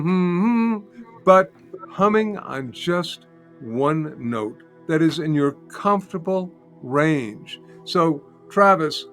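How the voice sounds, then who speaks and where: As a guest in an interview, an older man who teaches sound healing guides listeners step by step through a humming practice. His voice is on the high side, and he's calm and patient, repeating steps and demonstrating by humming himself.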